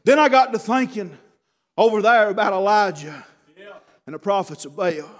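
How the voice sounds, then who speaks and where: A man preaching a sermon with fervor, often shouting and filling his pauses with constant "uh, uh". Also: high-pitched, expressive. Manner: fervent, often shouting, with constant "uh, uh" between phrases.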